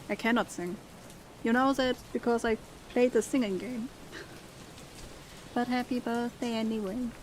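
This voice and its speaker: A woman's voice: on the high side, slight background noise. A young woman who streams games, reading the characters' dialogue aloud with feeling and chatting casually with her viewers. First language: German. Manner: reads dialogue expressively, then chats casually.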